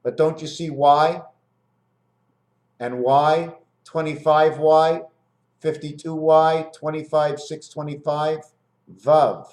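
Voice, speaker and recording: A man's voice: a little high, flat delivery, slow pace, a little mellow. A man musing in a rambling, free-associating monologue at home, asking his viewers questions as he explains his designs. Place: at home near his fridge, indoors.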